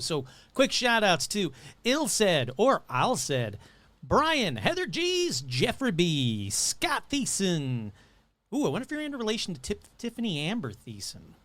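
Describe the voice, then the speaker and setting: This is a playful man hosting a podcast, who talks in a high, very lively voice. He chats casually and tends to ramble into jokey asides. The recording is dry and close. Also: no echo. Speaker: podcast host.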